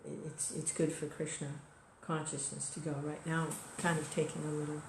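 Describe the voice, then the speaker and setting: A woman's voice: low voice, completely flat delivery, a little fast, background noise. Woman giving a casual spiritual talk, roomy sound. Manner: conversational, many fillers and "you know". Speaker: devotional speaker. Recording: echoey room recording.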